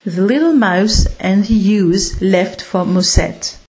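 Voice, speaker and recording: A woman narrating a children's story in a gentle, unhurried reading manner. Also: mid-range voice, noisy background.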